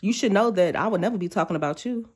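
Quick and slightly rough, this woman's mid-range voice carries a casual tarot reading for viewers. She's chatty and slangy, full of energy. Again and again she stops mid-thought to play out quoted inner voices.

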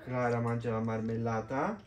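A man's voice: mid-range voice, steady tone, fairly quick, echoey room. A father playfully teaching his young children simple words, patiently repeating each one. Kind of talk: playful kids' vocabulary lesson.

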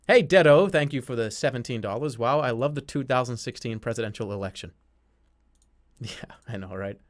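A man's voice: mid-range voice, brisk. A man streaming a game, chatting casually, laughing and swearing often. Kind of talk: casual gameplay commentary. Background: loud game music.

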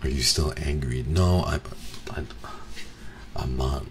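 A man streaming in a soft-spoken ASMR chat, teasing and playfully mock-offended with his viewers, close to the mic. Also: rumbling low, takes it slowly. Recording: steady background noise.

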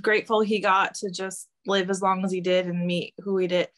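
A woman working as a medium, relaying a spirit's answers in a hesitant interview with many pauses and ums. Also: mid-range voice, little pitch movement, a bit bright. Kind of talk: channeling interview, relaying quotes.

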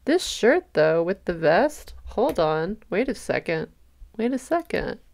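A woman giving excited reaction commentary on a trailer, gushing and speculating aloud, breaking into gasps and squeals. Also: mid-range voice, a little slow, gravelly.

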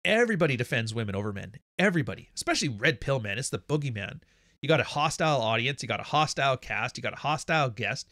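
A man hosting a livestream, talking in a blunt, profane, animated way and telling stories to his audience. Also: medium pitch, fast talker, dry recording, clean studio sound. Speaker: livestream host. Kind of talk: casual livestream monologue.

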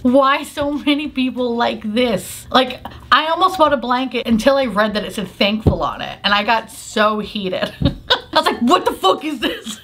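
A woman in her thirties with a slightly high voice talks through a shopping haul for the camera. She is animated and playful, laughs often and swears without a second thought, in an easy, casual vlog manner. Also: normal speed. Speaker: YouTuber doing a haul video.

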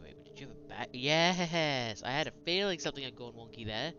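A man's voice: medium pitch, normal speed, highs cut off, background noise. A man giving casual, self-mocking commentary while playing a video game, swearing and laughing often. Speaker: gaming let's-player.

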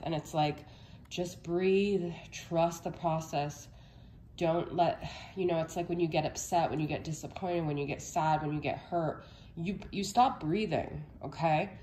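Low-voiced, breathless woman reading tarot. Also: normal speed, mellow, roomy sound, slight background noise. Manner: chatty, reassuring, many "okay?" check-ins. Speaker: tarot reader. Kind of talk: casual collective tarot reading to camera.

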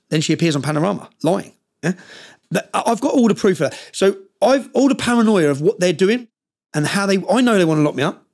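A man's voice: on the high side, vocal fry, a little mellow. A middle-aged man, a podcast guest, telling his story intensely and often checking in with "yeah?". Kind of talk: storytelling in conversation.

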